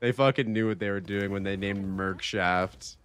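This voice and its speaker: A man streaming a game live, chatting casually, reading chat aloud and swearing freely in loose, excitable talk. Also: on the low side, normal speed, clean tone.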